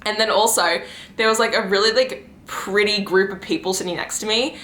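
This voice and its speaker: A book vlogger in her twenties chats casually, rambling with plenty of fillers and giggles, filmed in a room at home and outdoors on her lunch break. Her voice is medium-pitched and fairly bright, with brisk pacing and fairly even intonation. The room sounds echoey.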